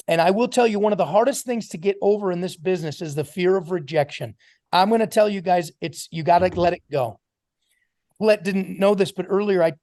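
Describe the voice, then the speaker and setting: A man's voice: high voice, a little mellow, dry recording, studio quality. A man giving an emphatic motivational talk to a sales team on a video call, calling on listeners by name.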